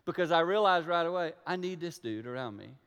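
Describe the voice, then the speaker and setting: Pastor guy preaching, high smooth voice, goes quiet then loud, big echoey church hall. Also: animated, a little fast. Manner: storytelling, acts out dialogue, swings from hushed to loud. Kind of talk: sermon. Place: church sanctuary. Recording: reverberant hall.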